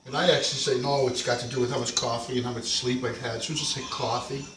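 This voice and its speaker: A man's voice: medium pitch, little pitch movement, fast talker, fairly bright tone, slight background noise. A middle-aged man with a North Jersey accent, rambling through stories while cooking at home for a casual vlog. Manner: rambling, digressive storytelling. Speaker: home cook vlogger. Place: home kitchen. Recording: echoey kitchen, mic far off, clattering dishes.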